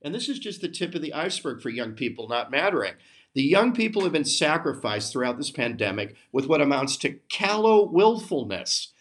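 An American podcast host delivers an emphatic, sarcastic opinion monologue full of open indignation. His voice is on the high side and very animated, at a moderate pace.

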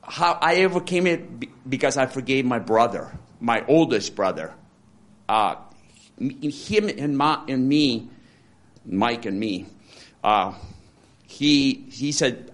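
A man's voice: medium pitch, expressive, slow pace. Rambling man in his sixties. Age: 60s. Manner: rambling, repeats and restarts, wry dark humor. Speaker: interviewee. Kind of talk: candid personal testimony. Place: support center.

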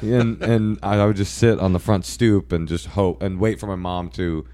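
A man, a comedian, telling stories in casual chat, talking fast and animated. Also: low voice. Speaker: comedian guest.

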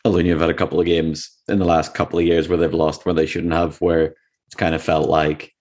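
Low-voiced male co-host, banters and jokes through the recap. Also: fairly quick. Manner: joking, teasing, animated asides. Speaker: podcast co-host. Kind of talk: casual sports chat.

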